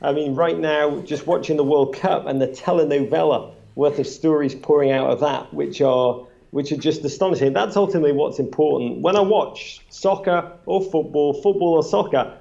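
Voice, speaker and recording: In a muffled recording from a small event space, a gravelly man sits on a live panel and tells stories from his podcast life with lots of chatter and restarts. His voice is a little high and dark-toned at a moderate pace, rising whenever he acts out quotes.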